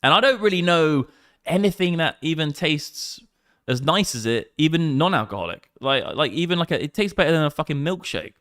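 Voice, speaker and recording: A man in his thirties with an English accent, rambling excitedly and swearing often on a casual livestream. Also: a little high, brisk, no echo, studio quality. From England. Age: 30s. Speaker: crypto streamer.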